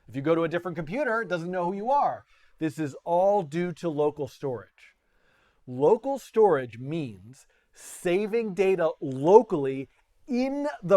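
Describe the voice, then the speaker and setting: A man with a slightly high voice hosts a live coding tutorial from his home studio. He is chatty and playful, laughs at his own slips and jokes with his viewers as he explains. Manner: playful, self-deprecating, chatty with frequent laughs.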